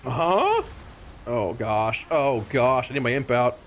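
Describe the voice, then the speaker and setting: A man streaming a game live, talking casually to his viewers, excitable and stammering, often repeating himself. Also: medium pitch, slow pace, slight background noise.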